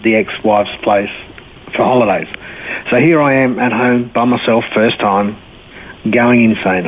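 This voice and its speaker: A middle-aged man telling his life story to an interviewer, blunt and animated, acting out the people he quotes. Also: fairly low pitch, breathy edge. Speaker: guest. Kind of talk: personal testimony in an interview. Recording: tinny phone-line sound.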